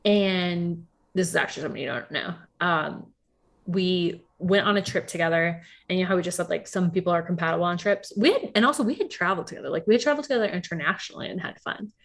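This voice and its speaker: Chatty woman recapping with animated quotes. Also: fairly low pitch, fast, gravelly. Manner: chatty, filler-heavy, animated quoting. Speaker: podcast co-host. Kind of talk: casual reality-TV recap chat.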